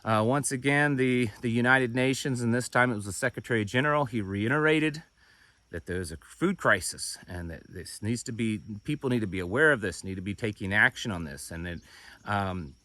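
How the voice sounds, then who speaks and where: A man's voice: mid-range voice, normal speed, bright, forceful tone, no room sound. A man hosting a homesteading channel, giving casual news commentary in a conversational, skeptical way with frequent restarts. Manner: conversational, repeats words and restarts, skeptical asides.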